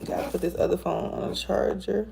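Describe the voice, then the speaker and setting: Recorded on a phone camera and very noisy, this clip features a woman doing a casual tarot reading, chatty and encouraging, calling her viewers y'all. Her medium-pitched voice is expressive, brisk, and creaky.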